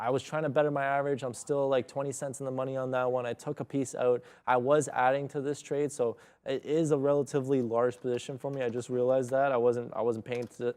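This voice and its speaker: A young day trader streams live, thinking aloud about his moves in a casual, rambling way packed with fillers. His medium-pitched voice is clean and a little mellow.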